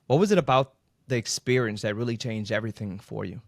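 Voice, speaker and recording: A man's voice: medium pitch, quick pace, creaky, no echo. An enthusiastic male podcast host with an informal, chatty manner and a mid-range voice. He is recorded dry and close, talking over a video call. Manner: enthusiastic, informal, says "man" often. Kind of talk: podcast interview.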